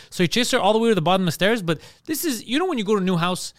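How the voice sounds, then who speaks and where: A man with a high voice tells a profane story at a quick clip, acting out every quoted line. He sounds like a comedian on a podcast. The sound is close and dry. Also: dry recording. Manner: animated, profane storytelling, acts out quoted lines. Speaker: comedian guest.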